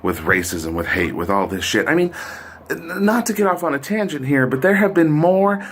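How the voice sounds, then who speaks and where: A man's voice: on the high side, sing-song, normal speed, breathy edge. A middle-aged man hosting a podcast, delivering a profane, sardonic, rambling political rant. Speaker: podcast host. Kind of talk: ranting political monologue.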